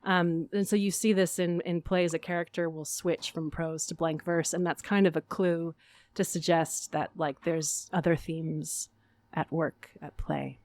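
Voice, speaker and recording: A woman from Arizona chatting as a guest in a radio interview, upbeat and quick to laugh at herself. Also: fairly low pitch, steady tone, darkish tone, no echo. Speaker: guest, stage actor. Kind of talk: casual interview chat.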